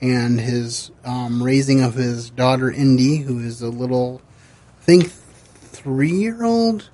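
A man hosting a podcast in a casual book-club chat, emotional and halting, with many fillers and restarts. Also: medium pitch, mellow. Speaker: podcast host. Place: studio.

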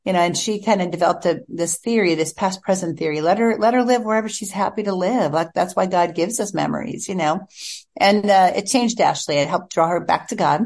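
A woman's voice: lowish voice, brisk, darkish tone. A woman guest author telling a heartfelt personal story in a chatty, earnest way.

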